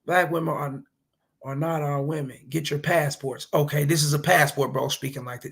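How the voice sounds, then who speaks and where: A man's voice: fairly high pitch, steady tone, normal speed, creaky, a bit bright, slightly rough. A man giving casual reaction commentary, blunt and profane, lecturing other men with preachy advice. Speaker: commentary vlogger.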